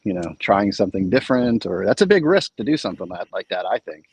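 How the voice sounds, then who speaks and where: A man with a fairly low voice chats casually on a podcast. He asks curious questions and wonders aloud as he talks. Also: big pitch swings, fast talker, breathy edge. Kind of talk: casual chat.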